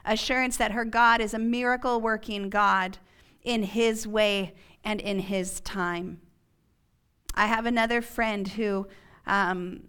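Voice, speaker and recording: A woman pastor preaching a sermon in church, earnest and emphatic, sometimes dropping to a hush. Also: medium pitch, clear, resonant tone. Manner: earnest, slow and emphatic, dropping to a hushed whisper at key points.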